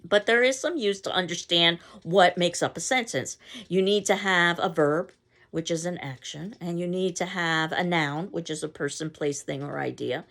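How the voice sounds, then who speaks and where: In a recorded lecture on poetry, a non-local woman teacher speaks at a moderate pace in a lowish, fairly bright voice. Her manner is explanatory and conversational, and she reads the poem with stressed beats.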